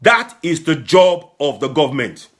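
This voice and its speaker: Man, fervent political broadcaster, high, husky voice, rising to shouts. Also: big pitch swings, unhurried. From Nigeria. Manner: fervent, repetitive, sometimes shouting. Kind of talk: impassioned political address.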